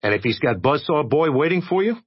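A man doing a high, pushy, stubborn guy. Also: sing-song, fairly quick, slightly rough. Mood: insistent. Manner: blunt, pushy. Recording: dry, dull lo-fi recording.

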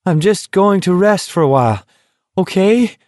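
A man's voice: high-pitched, expressive, slow, a little mellow, no room sound, studio quality, voice pushed up, heavily acted. A man voicing a dazed, shell-shocked teenage boy pleading to be allowed to rest.

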